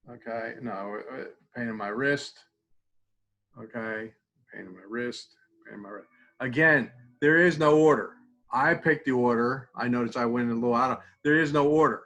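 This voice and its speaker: A middle-aged man leads a mindfulness class through a tapping routine. He talks in a relaxed, conversational way at a middling pitch. When he repeats the practice phrases, his voice sinks to a soft, quiet murmur. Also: poor audio. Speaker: mindfulness instructor. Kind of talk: guided tapping exercise.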